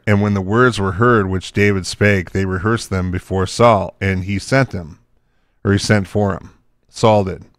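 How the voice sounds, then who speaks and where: A man's voice: fairly low pitch, fairly bright tone, no room sound, studio quality. A man teaching from the Bible, reading scripture aloud and breaking into casual, chatty asides.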